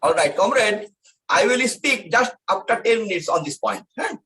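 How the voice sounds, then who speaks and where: A man's voice: high voice, expressive, moderate pace, pushed and bright, low-quality recording. A man with an Indian English accent answering questions on a video call, emphatic and formal, often repeating his phrases. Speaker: guest speaker. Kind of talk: online Q&A talk.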